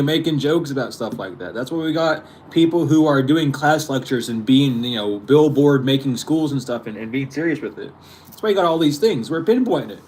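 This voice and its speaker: Young male host, profane casual rant, lively swooping voice, slightly high. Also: slight background noise. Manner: exasperated, profane, laughing often. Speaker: spiritual channel host. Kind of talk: casual ranting monologue.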